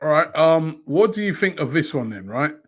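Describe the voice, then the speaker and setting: A man's voice: a little high, very animated, moderate pace. A man co-hosting a casual live football chat. He reads out viewer questions in an easygoing, hesitant way, with plenty of fillers. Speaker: show co-host reading viewer questions.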